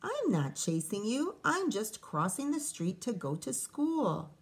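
A brisk, no-nonsense little schoolgirl, voiced by a woman reading aloud. She talks in a matter-of-fact, slightly scolding way. Her voice is raised a bit above an adult woman's usual pitch. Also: very animated, slightly rough, heavily acted. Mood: plain. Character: sensible young schoolgirl, brisk and bossy.

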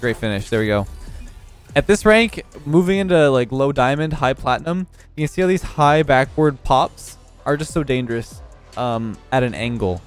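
Young man, game commentary, just woke up and yawning, relaxed play-by-play analysis, mid-pitched. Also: normal speed, smooth, soft background music. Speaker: gaming YouTuber commentating his own match. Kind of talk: casual gameplay commentary.

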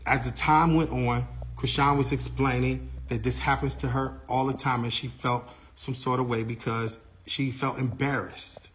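A man working as a tour manager, retelling events in a casual, animated way and quoting the people involved. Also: mid-range voice, normal speed, few pauses. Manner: animated storytelling, quoting others.

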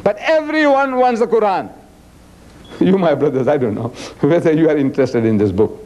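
Animated South African man preaching. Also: fairly high pitch. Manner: animated, acts out dialogues and teases the audience; recites Arabic scripture quickly between English lines. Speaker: Islamic preacher and lecturer. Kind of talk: religious lecture to a live audience.

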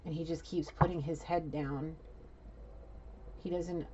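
A woman with a low, mellow voice gives a rambling, blunt psychic reading in a casual, chatty way. She sometimes swears. The recording sounds dull and lo-fi, with faint noise behind it. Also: steady tone, unhurried. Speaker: psychic tarot reader.

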